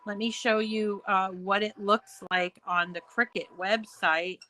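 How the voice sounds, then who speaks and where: A woman with a hoarse voice hosting a casual craft tutorial, explaining steps in a chatty way with fillers and throat clearing. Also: mid-range voice, fairly even intonation, a little slow, pushed and bright. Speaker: crafting channel host.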